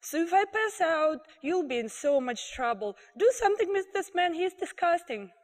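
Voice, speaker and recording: A woman's voice: extremely high pitch, expressive, normal speed, in a large hall, pitched above the performer's own voice. A woman voicing an indignant, pushy pregnant passenger who complains shrilly and insistently. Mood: demanding.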